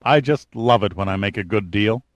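Here a man gives an audiobook boat captain a teasing, self-assured, cavalier swagger, never rattled. The voice is lowish and natural rather than acted, moving at a moderate pace, and the recording is dry.

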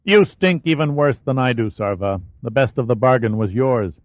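Voicing a cold and contemptuous male hitman for an audiobook, this man sneers his lines with light acting, speaking at normal speed in a medium pitch with plenty of animation. There's no room sound, and the audio is dry and phone-like.

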